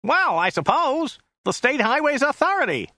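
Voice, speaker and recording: A man doing a grumbling American cabbie in a raised, whiny voice, contemptuous and matter-of-fact. The audiobook delivery swings lively through the lines, recorded dry and close. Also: extremely high pitch, normal speed, no echo, voice pushed up, heavily acted. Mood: flummoxed. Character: gruff grumbling American male cab driver. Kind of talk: audiobook character voice.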